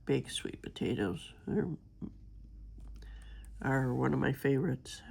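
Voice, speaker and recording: An older woman with a gravelly voice and a sore throat from being sick, rambling in a homey, chatty way while she works on a craft. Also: a bass voice, slow, dark tone. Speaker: crafting vlogger. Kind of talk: casual chat while diamond painting.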